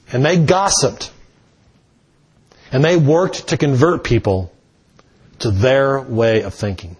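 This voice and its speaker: A man preaching a sermon in a slow, deliberate way, stressing key words with rising emphasis. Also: fairly high pitch, a little mellow, slightly rough.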